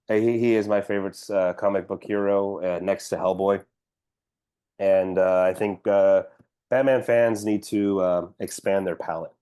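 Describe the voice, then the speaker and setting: A man's voice: on the low side, mellow, smooth. Opinionated man ranting on a podcast. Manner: opinionated, ranting, filler-heavy. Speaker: podcast co-host. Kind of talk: casual opinion chat.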